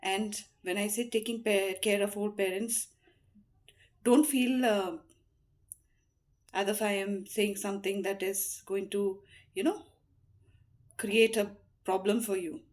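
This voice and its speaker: A woman's voice: medium pitch, fairly even intonation, slow pace, pauses often, darkish tone. A middle-aged woman giving heartfelt, earnest advice, speaking unhurriedly with frequent "you know" fillers. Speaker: motivational speaker.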